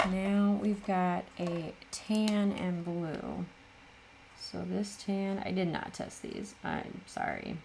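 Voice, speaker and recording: A woman's voice: fairly low pitch, big pitch swings, slow, vocal fry, noisy background. A middle-aged woman hosting a casual crafting tutorial, chatty and full of self-deprecating asides. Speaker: craft channel host.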